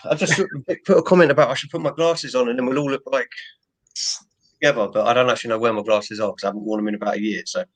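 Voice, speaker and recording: A man's voice: medium pitch, steady tone, racing. A man on a video call, rambling in bemused casual chat.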